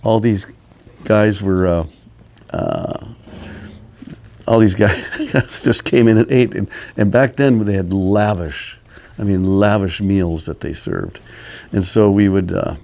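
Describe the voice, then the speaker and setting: Gravelly older man telling stories. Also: on the low side, a little mellow. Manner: meandering, chuckling, many pauses. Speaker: storyteller. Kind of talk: casual storytelling.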